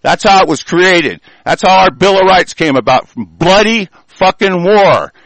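A man from the United States delivering an angry, profane political rant, swinging from loud outbursts to low muttering. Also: lively intonation, a little slow, dry recording, low-quality recording.

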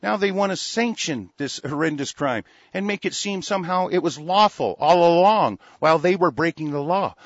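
Male commentator, furious profane rant, fairly high voice, dull dry lo-fi recording. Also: slightly rough, no room sound. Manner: profane, heated and repetitive. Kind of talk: angry political rant.

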